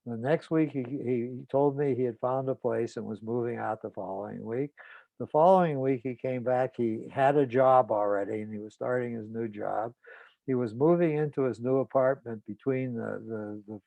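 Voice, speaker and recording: Gravelly-voiced man telling a therapy case. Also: medium pitch, dry recording, phone-quality sound. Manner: measured and deliberate. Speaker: psychotherapist.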